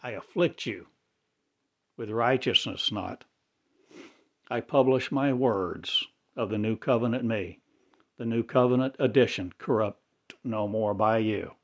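A man's voice: on the low side, measured pace, pauses often, muffled recording. A man delivering a rambling religious monologue in cryptic, incantatory, broken phrases. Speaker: self-styled religious speaker.

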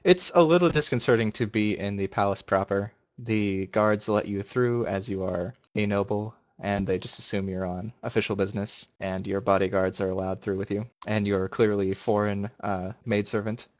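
A man narrating as game master of a tabletop role-playing game, in a relaxed manner. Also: lowish voice, moderate pace, hardly any pauses.

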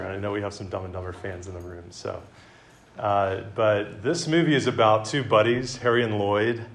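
A man giving a conversational sermon to a campus group, with self-deprecating humor and a relaxed, chatty delivery. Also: on the low side, a little hiss or hum. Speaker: campus ministry speaker. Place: meeting room with an audience.

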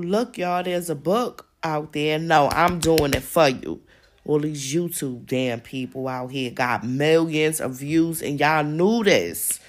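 Gravelly low-voiced woman ranting angrily. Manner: angry, profane, emphatic ranting. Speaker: podcast host. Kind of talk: ranting open-discussion monologue.

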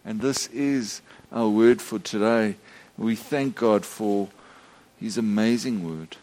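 A middle-aged Methodist minister, giving a storytelling sermon full of restarts and acted-out shouts. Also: male voice, fairly low pitch, slow. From South Africa.

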